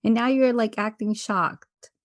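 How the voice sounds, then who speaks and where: Woman co-host, lively gossipy recap delivery, dry close sound. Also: on the high side, unhurried, no echo. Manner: animated, acts out quotes from the show. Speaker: podcast co-host. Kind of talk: casual reality-TV recap chat.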